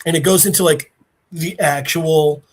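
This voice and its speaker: A man's voice: fairly high pitch, measured pace. A man hosting a podcast, animatedly retelling a comic story and acting out the characters' lines in casual chat. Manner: animated storytelling, acts out quotes. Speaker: podcast host.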